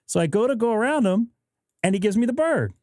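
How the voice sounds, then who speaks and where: A man's voice: sits high, expressive, fast talker, a little mellow, dry recording, studio quality. A man hosting a live stream, chatting casually and acting out both sides of a story. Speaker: host. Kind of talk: casual chat. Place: home radio shack.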